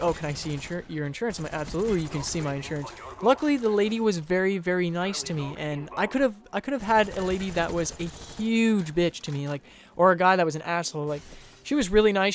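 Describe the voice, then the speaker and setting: Fast-talking young man telling a story. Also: fairly high pitch, a little hiss or hum. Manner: rambling, repeats words, chuckles. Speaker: gaming channel host. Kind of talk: casual storytelling over gameplay.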